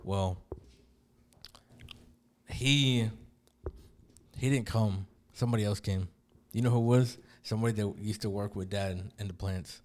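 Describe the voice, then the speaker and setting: A man's voice: on the low side, unhurried, long pauses, darkish tone. Young man telling a cop story, swearing. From LaPorte area, US. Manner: swears freely, acts out both sides of a police encounter. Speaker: podcast host. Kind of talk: casual storytelling.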